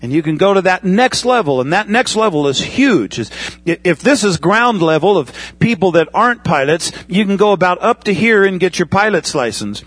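Husky-voiced man preaching conversationally. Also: high voice, expressive, normal speed, a bit bright, no echo. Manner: conversational preaching with pilot analogies and asides. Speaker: pastor. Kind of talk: sermon.

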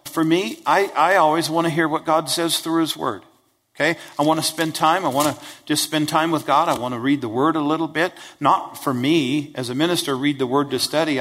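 A man's voice: fairly high pitch, fairly bright tone. A man preaching a conversational sermon as a pastor, plain-spoken and folksy, who keeps checking in with his listeners. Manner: keeps checking in with listeners with "right?", "okay?" and "Amen?". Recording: long hall reverb.

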